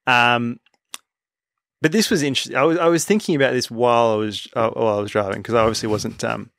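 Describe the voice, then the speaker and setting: A man's voice: medium pitch, fast talker, vocal fry, fairly bright tone, no echo. A man, co-hosting a casual podcast chat, telling a rambling story and laughing often. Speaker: podcast co-host.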